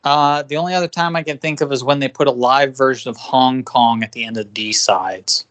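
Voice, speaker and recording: An American man co-hosting a podcast, reviewing an album in loose, opinionated chat. His voice sits at an ordinary middle pitch, and he rambles, restarts and swears as he works out his thoughts. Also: normal speed, fairly bright tone. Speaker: podcast co-host. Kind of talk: casual music review chat.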